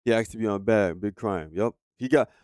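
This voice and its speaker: Heated, profane male streamer, low voice. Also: brisk, a little mellow, no echo, studio quality. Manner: profane, heated, talks straight to chat. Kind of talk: casual livestream commentary.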